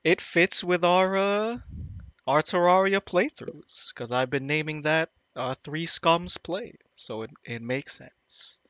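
A man's voice: on the high side, slow, a bit bright, dry recording. A man hosting a casual podcast on a voice call, joking and laughing with his co-hosts. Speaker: podcast host. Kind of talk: casual chat.

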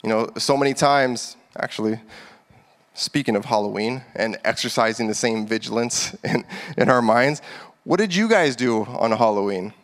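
A man in his thirties, a pastor, preaching in a casual, conversational way that builds to heated emphasis. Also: mid-range voice. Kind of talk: casual sermon. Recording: echoey hall with long reverb.

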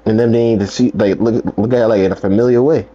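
A young man co-hosting a podcast in casual chat, telling animated stories and acting out quotes. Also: quick pace. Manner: animated storytelling, acts out quotes with big pitch jumps and laughs. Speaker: podcast co-host. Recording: slightly muffled, lo-fi sound.

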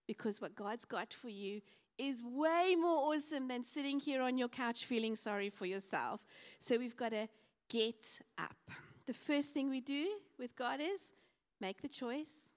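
A woman's voice: fairly high pitch, animated, measured pace. A woman preaching a sermon, telling stories animatedly and acting out the voices of the people in them. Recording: reverberant hall.

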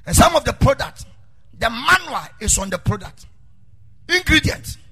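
A male pastor preaching a sermon, dropping low and then rising into sung, shouted lines. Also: sing-song, moderate pace, vocal fry, breathy edge. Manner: swings from murmuring to sung shouts. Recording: faint music behind.

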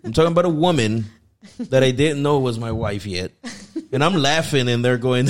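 A man's voice: fairly high pitch, big pitch swings, moderate pace, pauses often. A man co-hosting a casual podcast, joking and swearing freely while telling a story. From Mexico. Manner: profane, joking, laughing. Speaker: podcast co-host.

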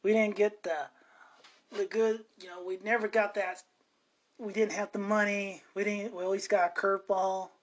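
A woman talks through her opinions in a loose, rambling podcast monologue. She starts sentences over and trails off, and her pitch stays middling. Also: flat delivery, moderate pace. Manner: chatty, meandering, self-interrupting. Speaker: podcast host. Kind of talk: casual ranting monologue.

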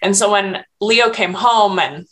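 A woman's voice: mid-range voice, a little slow, a bit bright. A woman in her thirties telling a personal story in a candid, rambling way, with many restarts and fillers, as a podcast host. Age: 30s.

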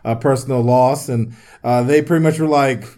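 A man's voice: mid-range voice, normal speed. A man from the Washington DC and Maryland area, chatting casually on a podcast and telling stories with jokes, swearing and laughter. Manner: joking, animated storytelling with swearing and laughter. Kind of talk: casual chat.

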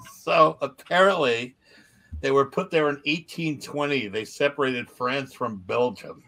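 Guy cohosting a comedy podcast, bright tone, tells stories, laughs a lot. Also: mid-range voice, measured pace. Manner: storytelling, laughs often. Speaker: podcast co-host. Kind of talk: casual chat.

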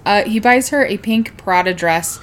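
A woman's voice: medium pitch, moderate pace. A woman hosting a casual podcast, recapping episodes, laughing often and swearing.

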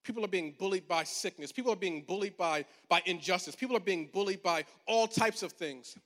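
A pastor in his forties with a high, slightly bright voice preaches a little fast in a large church. His storytelling sermon starts conversational and funny, then rises to emphatic preaching, with a long hall reverb throughout.

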